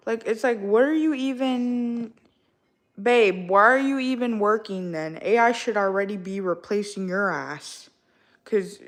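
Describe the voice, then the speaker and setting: A woman's voice: a little high, unhurried. Young woman ranting casually to her chat. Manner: ranting, slang-heavy, exasperated. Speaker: livestreamer talking to chat.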